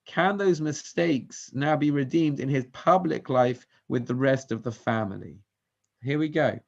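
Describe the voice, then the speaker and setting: This Torah teacher speaks at a measured pace in a mid-range, gravelly voice. He leads a synagogue study class, mixing Hebrew verses into English and questioning the group, captured in dull lo-fi sound.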